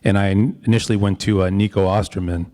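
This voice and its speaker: Low-voiced man joking in a hall. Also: quick pace. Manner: relaxed, chatty, joking. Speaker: board committee chair. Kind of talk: presenting at a school member forum. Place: large hall at a school forum.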